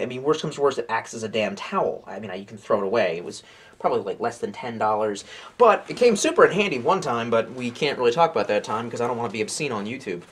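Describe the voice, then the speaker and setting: A man in his late twenties casually reviewing outdoor gear, rambling with jokes and offhand swearing. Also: mid-range voice. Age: late 20s.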